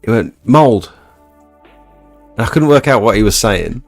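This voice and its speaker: A young man hosting a live stream, reading chat and chatting in a laid-back, low-energy way. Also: animated, fast talker, gravelly, no echo, faint music behind. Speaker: livestream host reading chat.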